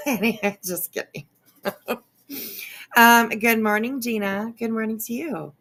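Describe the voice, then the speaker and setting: A woman's voice: fairly high pitch, fairly bright tone. A woman hosting a casual live stream, reacting to a clip with frequent laughter and free swearing as she chats with viewers. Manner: laughs often, swears freely, talks slowly. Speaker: streamer host.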